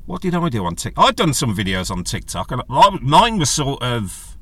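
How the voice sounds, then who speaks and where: A man's voice: moderate pace, dry recording. A man hosting a casual solo podcast, chatty and jokey, rambling from one aside to the next. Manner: rambling, chatty and jokey, with animated pitch jumps. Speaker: podcast host.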